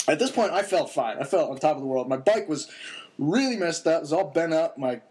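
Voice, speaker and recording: A man's voice: fairly high pitch, lively intonation, a little fast, darkish tone, slightly rough. A young man casually telling a long story on a podcast, laid-back and rambling, with many fillers and chuckles.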